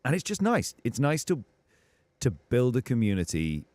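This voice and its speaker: British male voice actor, casual earnest chat, animated pitch swings, dry booth sound. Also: moderate pace, no room sound. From Britain. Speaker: voice actor guest. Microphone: studio condenser.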